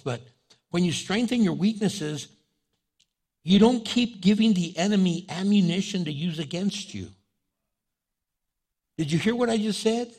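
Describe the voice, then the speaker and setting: A man preaching a sermon with passion, rising loud as he urges his listeners and acting out the things people say to themselves. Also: husky. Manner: impassioned, voice drops low and soft in prayer, rises loud when exhorting; acts out inner voices and quoted prayers. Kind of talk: sermon with spoken prayer.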